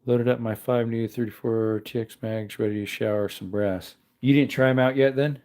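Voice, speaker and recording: A man's voice: mid-range voice, fairly even intonation, normal speed, a little mellow. A man casually chatting on a livestream, reading comments aloud while tinkering with parts. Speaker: livestream host.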